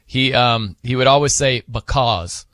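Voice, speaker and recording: Lively, bright-voiced male radio host. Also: medium pitch, normal speed, no echo, clean studio sound. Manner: lively, laughing, tells anecdotes. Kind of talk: casual on-air banter. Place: radio studio.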